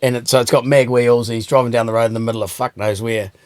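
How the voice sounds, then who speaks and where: A man's voice: mid-range voice, steady tone, fast, dry recording. A middle-aged man, hosting a casual chat, telling cheeky stories with dry humour and plenty of swearing. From New Zealand. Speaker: host.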